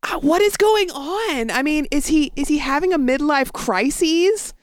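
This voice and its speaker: A woman's voice: high voice, lively intonation, measured pace, no room sound. A woman co-hosting a casual chat show, blunt and opinionated. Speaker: podcast co-host.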